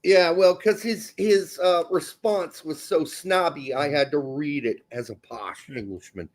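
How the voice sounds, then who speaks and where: Co-hosting a soccer podcast, this fifty-something man speaks on the high side and a little slowly. He chats casually, animated and joking crudely.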